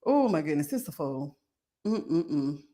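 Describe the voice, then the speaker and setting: A woman in her forties hosting a live stream, chatting casually with her viewers and reading their comments aloud, sassy and animated, laughing often. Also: low-pitched, takes it slowly, soft background music. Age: 40s. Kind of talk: casual chat.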